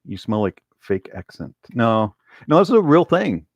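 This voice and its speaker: A man's voice: medium pitch, sing-song, a little slow, a little mellow, dry recording, lo-fi sound. A man who teases and laughs easily, chatting casually as a podcast host. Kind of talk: casual chat.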